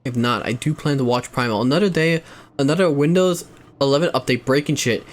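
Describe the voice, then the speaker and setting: A man's voice: on the high side, fairly quick. A young man streaming a game, chatting casually in a rambling, profane way, cutting himself off mid-thought. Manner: rambling, profane, self-interrupting. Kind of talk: casual gameplay streaming chat.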